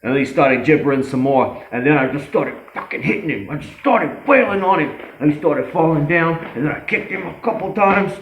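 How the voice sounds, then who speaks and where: A man's voice: fairly high pitch, lively intonation, fairly quick, hardly any pauses, lo-fi sound, slight background noise, pitched above the performer's own voice. A man voicing a brash, boastful young tough guy who rambles, swears and brags in a comedy sketch. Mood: swaggering. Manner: cocky, rambling, swearing, self-aggrandizing.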